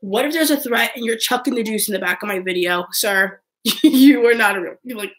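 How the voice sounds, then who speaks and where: A young woman hosts a live stream and chats with her viewers in a loose, rambling way. Her voice sits a little high, and she fills her talk with "like" and breaks into quick laughs. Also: fairly bright tone. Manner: chatty, rambling, heavy use of "like", frequent laughs. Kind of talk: casual live-stream chat reading viewer comments.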